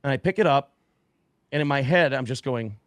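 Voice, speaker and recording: A man's voice: mid-range voice, a little fast, dry recording. A man as a podcast guest, telling a story casually with heavy swearing and acting out what people said. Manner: heavy swearing, acts out quotes with shifting voices.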